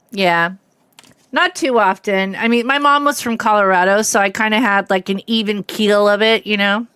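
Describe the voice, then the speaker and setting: A woman's voice: mid-range voice, fairly bright tone, clear, resonant tone. Chatty fifties woman with a faint Southern twang. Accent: slight Southern American. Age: 50s. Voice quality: hard of hearing. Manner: chatty, rambling, laughs easily, greets viewers by name. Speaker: livestream host. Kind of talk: casual chat with viewers while streaming a game.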